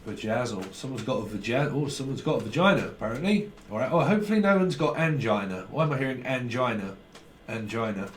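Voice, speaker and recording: A man giving a casual, rambling tarot reading, chatty and laughing often, swearing freely as he talks. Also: medium pitch. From United Kingdom. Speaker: tarot reader. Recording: roomy echo with faint background noise.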